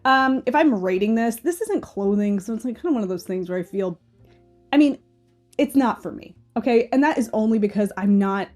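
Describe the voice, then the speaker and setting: A woman's voice: a little high, expressive, fairly quick, a little mellow, faint music behind. A woman hosting a knitting channel, chatting casually with a stuffy nose and thinking aloud as she goes. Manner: chatty, thinks aloud, changes her mind. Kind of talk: casual chat.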